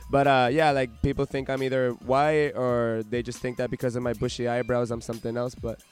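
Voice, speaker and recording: A man's voice: medium pitch, flat delivery, fairly quick, smooth, faint music behind. A man from Puerto Rico speaking casually on a podcast, searching for words and restarting often. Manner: hesitant, lots of restarts and fillers. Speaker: podcast guest, teacher.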